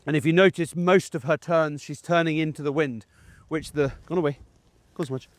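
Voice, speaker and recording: Male gundog trainer, slightly high voice, chatty field teaching with short commands to the dog, dry close sound outdoors. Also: fairly even intonation, fairly quick, no room sound. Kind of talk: instructional talk while working a dog in the field. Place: outdoors in a field beside a game crop.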